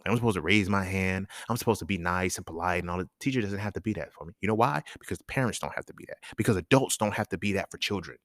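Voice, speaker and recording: A man hosting a solo talk episode, ranting in an animated, casual way full of slang and profanity. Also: low voice, rapid-fire, hardly any pauses, no echo, studio quality. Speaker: podcast host. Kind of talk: solo monologue rant.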